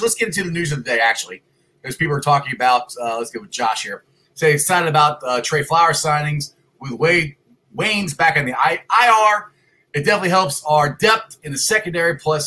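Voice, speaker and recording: A middle-aged man hosts a casual sports show with a lively, swooping voice. The tone is bright and a bit husky. He rambles excitedly and gets loud when he greets people. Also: on the high side. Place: son's house, on a computer.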